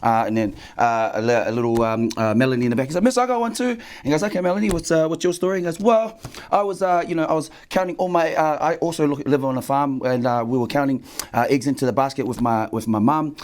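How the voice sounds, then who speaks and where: A man telling a joke in casual chat, halting often with fillers along the way. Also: mid-range voice, darkish tone, slight background noise. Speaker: player.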